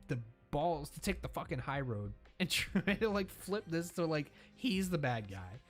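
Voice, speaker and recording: A man's voice: fairly high pitch, sing-song, moderate pace, hardly any pauses, soft background music. A man hosting a reaction video, rambling casually with frequent laughs and swearing. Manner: rambling, profane, laughs often. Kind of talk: casual commentary over video clips.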